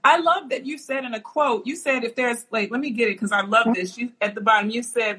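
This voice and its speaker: A woman with a high voice hosting a podcast interview in casual chat. She talks in an effusive, excited way, piling on praise for her guest. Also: a little fast, hardly any pauses, husky. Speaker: podcast host.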